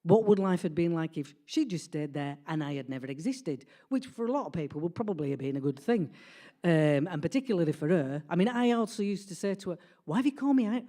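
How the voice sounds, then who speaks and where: A woman, telling a comic family story in a lively, animated way. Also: lowish voice, brisk. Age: 60s. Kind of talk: personal storytelling.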